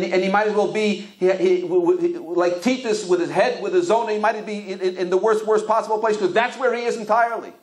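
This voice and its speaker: A male rabbi giving a Torah lecture, telling anecdotes and often restarting his words. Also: high voice. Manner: storytelling with many anecdotes; frequent repeated restarts.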